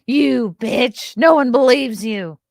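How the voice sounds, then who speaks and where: A woman putting on a cheap impression of a brash, accusing female TV legal commentator, talking loud and drawn out. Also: fairly high pitch, slow pace, vocal fry, no room sound, clean studio sound, pitched above the performer's own voice.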